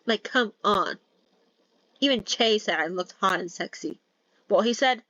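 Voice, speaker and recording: Reading a novel aloud a little slowly, with long pauses, a young woman speaks in a mid-range, slightly bright voice; there's no room sound and the highs are clipped. She casually breaks in with jokes, swears, and self-corrections along the way.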